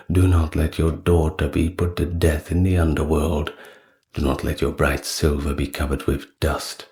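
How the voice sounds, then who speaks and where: A man voicing a devoted servant who earnestly begs a god for help, in a soft storytelling read. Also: rumbling low. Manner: earnest, imploring. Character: pleading devoted servant of a goddess.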